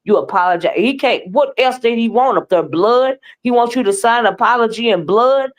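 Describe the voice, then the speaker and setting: A woman's voice: on the high side, normal speed. A woman hosting a live stream, giving heated, profane commentary in a blunt, scolding manner.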